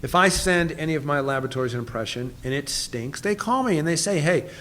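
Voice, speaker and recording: Eager higher-voiced man in his fifties. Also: animated, quick pace, a bit bright, slight background noise. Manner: emphatic, enthusiastic, repeats words when starting. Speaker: dentist guest. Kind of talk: podcast interview.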